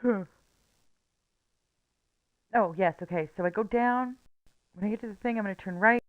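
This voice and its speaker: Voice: medium pitch, normal speed, dry recording, narrow, tinny audio. A live streamer giving casual gameplay commentary, chatting to themself and tossing in playful silly words.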